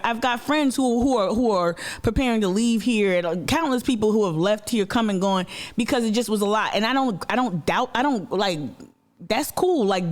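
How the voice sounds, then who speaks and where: A man with a Southern US accent giving blunt, casual commentary as an activist host, cursing and mocking others' voices. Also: high voice. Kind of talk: casual commentary on a played clip.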